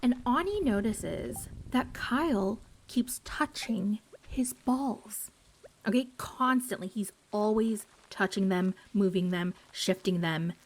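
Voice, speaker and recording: A woman's voice: mid-range voice, slow, hardly any pauses, darkish tone, a little hiss or hum. A woman giving a sarcastic, gossipy recap of a TV show for a YouTube video.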